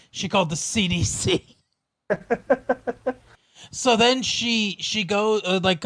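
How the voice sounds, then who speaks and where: Guy recapping a tv episode, kinda high voice, dry close sound, chuckles a lot. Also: a bit bright, no echo. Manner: rambling, laughs often, many fillers. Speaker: podcast co-host. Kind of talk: casual chat recapping a TV episode.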